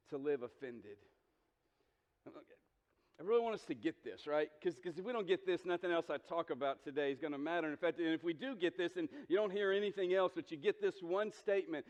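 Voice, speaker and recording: A man's voice: on the high side, darkish tone. A man in his forties preaching a sermon as a pastor, earnest and direct, often repeating words as he starts a sentence and asking the congregation questions. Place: church sanctuary. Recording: dull sound with long hall reverb.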